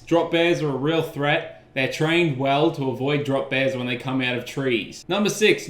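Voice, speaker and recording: A man with an Australian accent answering questions in a deadpan, sarcastic vlog. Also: on the high side, echoey room. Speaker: vlogger. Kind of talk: casual sarcastic video answers.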